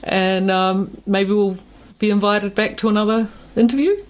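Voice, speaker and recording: A middle-aged woman, hosting a podcast interview in a relaxed, chatty way and laughing often. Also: medium pitch, normal speed. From New Zealand. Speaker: podcast host. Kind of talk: casual interview chat.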